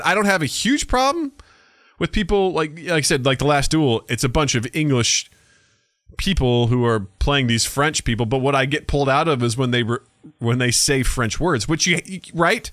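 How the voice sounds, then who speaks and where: Podcast co-host, male, bright and dry-recorded, rambling and profane. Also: fairly high pitch, animated, fairly quick, no room sound. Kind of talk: casual chat.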